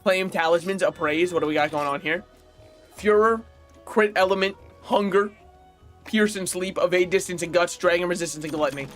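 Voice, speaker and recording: Man on a casual game stream; higher-pitched, opinionated rambler who laughs at his own asides. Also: moderate pace, fairly bright tone, soft background music. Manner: opinionated, rambling, chuckles often. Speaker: gaming streamer. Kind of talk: casual livestream chat while playing.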